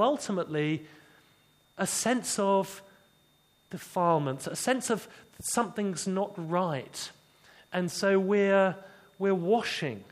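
Expressive preacher, fairly high voice. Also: male voice. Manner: expressive, dramatic drops to quiet emphasis. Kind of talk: sermon.

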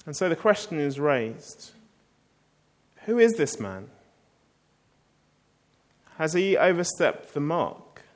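A man delivers a sermon in a relaxed, storytelling manner. His voice sits a little high for a man. He keeps pulling the listeners in with rhetorical questions. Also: slow pace, long pauses. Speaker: preacher.

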